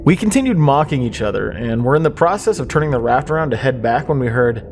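A man narrating a horror story in a measured, suspenseful way. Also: medium pitch, lively intonation, darkish tone, slight background noise. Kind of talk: scripted creepypasta narration.

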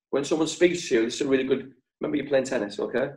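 A man leading a sales training session over a video call, speaking in short, punchy phrases with deliberate pauses. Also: mid-range voice, lively intonation, poor audio. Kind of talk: motivational training talk.

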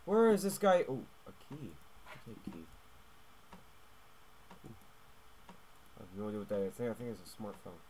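This gaming YouTuber, a young man, talks through a stealth game as a let's play, his voice lowish and his speed normal, with frequent pauses and slight background noise. Excitable throughout, he shifts between hushed muttering and loud yelling, adding "mate" again and again.

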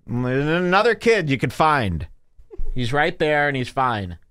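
Sarcastic male host, lively swooping pitch. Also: measured pace, smooth, dry recording. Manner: mocking, sarcastic, swings into put-on high voices. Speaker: podcast host. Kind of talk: provocative comedy podcast rant.

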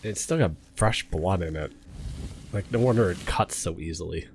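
Very deep-voiced joking gamer man. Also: vocal fry, a little hiss or hum. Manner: jokey, quick to guess and tease. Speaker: gaming channel co-host. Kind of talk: casual let's-play commentary.

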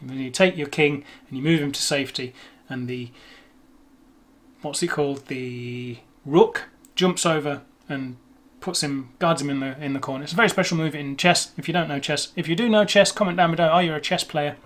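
A man hosting a casual language lesson, explaining at a relaxed pace and thinking aloud as he goes. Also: a little high, normal speed. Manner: chatty, thinks aloud, restarts phrases. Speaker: language video host.

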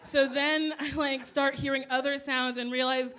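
A woman's voice: high-pitched, normal speed. A woman comedian telling a stand-up story, acting out the voices of the people in it. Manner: animated, playing out voices of people in her story.

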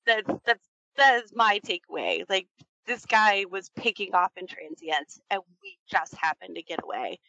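A woman's voice: medium pitch, a little slow, creaky, pushed and bright, dry recording, lo-fi sound. A woman in her thirties telling a frightening true story in a casual, rambling way, full of fillers and swearing. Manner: tense, keyed-up retelling.

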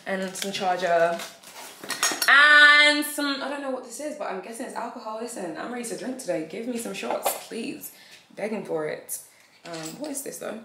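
A young woman, chatting excitedly on a phone camera at home as a vlogger, gushing and slangy. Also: mid-range voice, moderate pace, vocal fry. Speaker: vlogger and interviewer. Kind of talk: casual vlog chat. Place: at home, indoors. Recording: echoey room with background noise.

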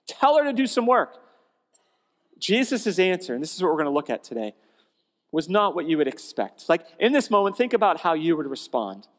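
Casual, storytelling male preacher, slightly high voice, church hall with long reverb. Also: brisk. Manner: conversational, animated storytelling with restarts. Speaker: pastor. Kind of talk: sermon. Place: church sanctuary.

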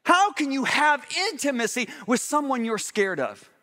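High, bright-voiced animated male preacher. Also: normal speed. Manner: animated storytelling preacher, swings between loud exclamations and low intense emphasis. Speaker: pastor. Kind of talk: sermon.

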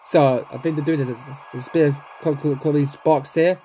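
A man's voice: on the high side, steady tone, moderate pace, warm tone, slight background noise. A man hosting a gaming channel, rambling casually through gameplay and chatting to viewers. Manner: rambling, reads game text aloud and chats to viewers.

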